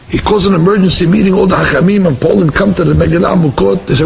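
A man's voice: high-pitched, fast, creaky, dull audio. A man preaching a religious story in a vivid, dramatic manner, repeating short phrases for effect.

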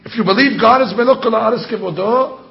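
A man with a fairly high voice leads a rabbi's sermon. He talks in an animated way and mocks his listeners with rhetorical questions. The recording is dull and lo-fi. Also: quick pace, creaky. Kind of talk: Torah class sermon. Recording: dull lo-fi sound.

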